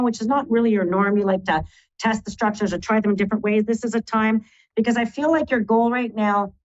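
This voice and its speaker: A woman's voice: on the high side, lo-fi sound. A woman hosting a live radio horoscope forecast, chatty and affectionate, rattling off lists of keywords sign by sign. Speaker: psychic astrologer host.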